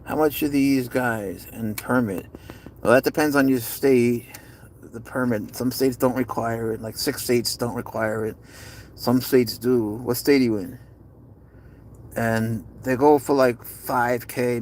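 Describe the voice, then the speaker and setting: A man streaming live from inside a car, doting on his pet cat and often slipping into high baby talk. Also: fairly even intonation, unhurried, darkish tone, slight background noise. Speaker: pet owner vlogger. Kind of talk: casual live-stream chat.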